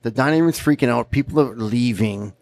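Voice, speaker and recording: A Canadian man from Winnipeg, in his thirties, telling a profane, animated story as a podcast guest. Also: mid-range voice, fairly quick. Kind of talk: casual storytelling.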